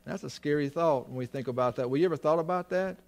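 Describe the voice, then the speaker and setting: A man's voice: a little high, quick pace, vocal fry. A man preaching a sermon to his congregation, often restarting phrases and asking them questions. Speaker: pastor.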